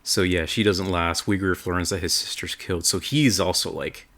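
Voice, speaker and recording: A man co-hosting a podcast, excitedly recapping a game in a rambling, casual way and swearing freely. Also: low voice, moderate pace. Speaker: podcast co-host.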